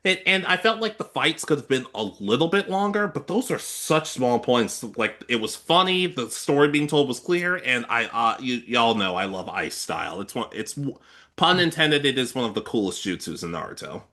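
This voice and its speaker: A man co-hosting an anime review podcast, joking casually and slipping into quick character voices. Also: medium pitch. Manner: animated, joking, quotes characters in put-on voices. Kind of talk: casual chat.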